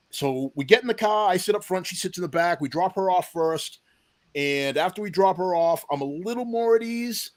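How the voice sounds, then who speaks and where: A man's voice: high-pitched, expressive, brisk. A man in his forties telling a long personal story in an interview, acting out the voices of the people in it. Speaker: deputy police chief, podcast guest.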